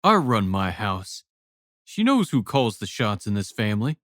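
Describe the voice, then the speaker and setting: A man's voice: lowish voice, big pitch swings, unhurried, fairly bright tone, dry recording, studio quality. A man reading an audiobook, voicing a brash, teasing father with boisterous, sarcastic ribbing.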